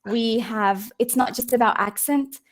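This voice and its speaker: A chatty Australian woman on a video call, her voice sitting a little on the high side. She talks casually as an English tutor, laughs often and drifts through plenty of ums. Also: measured pace.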